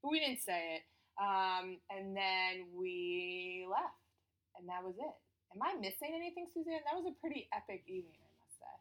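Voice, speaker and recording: A woman's voice: mid-range voice, expressive, normal speed, fairly bright tone, rough recording. A woman hosting a podcast in casual chat, talking in a chatty way with many ums and uhs. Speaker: podcast host.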